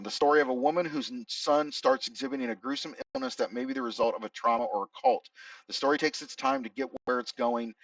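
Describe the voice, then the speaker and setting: A man's voice: mid-range voice, gravelly, fairly bright tone, no room sound, recorded from a distance, rough recording. A middle-aged man reviewing films in a rambling casual chat, often correcting himself mid-sentence. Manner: rambling, self-correcting, reading out his own reviews. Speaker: movie reviewer. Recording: dry sound, set back from the mic.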